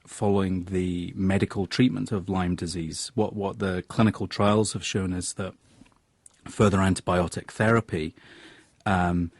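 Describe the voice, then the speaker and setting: A man's voice: low-pitched, little pitch movement, unhurried, dry recording. A man speaking as a doctor on a radio phone-in, careful and hedging, often stumbling over repeated words. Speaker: doctor, medical guest. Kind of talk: cautious expert answers on air.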